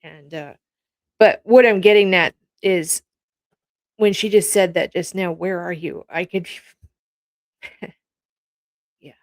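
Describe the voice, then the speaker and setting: A woman's voice: on the low side, slow, long pauses, no room sound. A woman from Canada hosting a casual commentary from home, telling stories in a rambling, heartfelt way that verges on tears. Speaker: host reacting to news clips.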